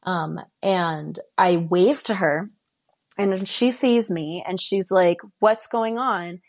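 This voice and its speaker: A woman in her twenties from Denver, Colorado, appears as a guest recounting a personal story. Her voice is lowish and she takes her time, telling events in the present tense and voicing each line of dialogue.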